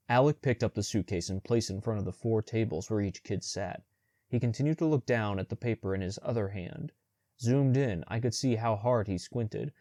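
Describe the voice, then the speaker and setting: A man narrating a young adult audiobook in the first person with steady, measured storytelling. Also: lowish voice, no room sound, clean studio sound.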